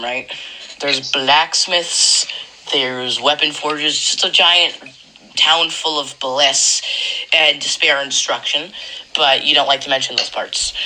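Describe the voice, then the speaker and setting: A woman with a low, pushed, bright voice acts as game master for a tabletop game, heard on a rough recording with slight background noise. She rambles through her narration, correcting herself and laughing often.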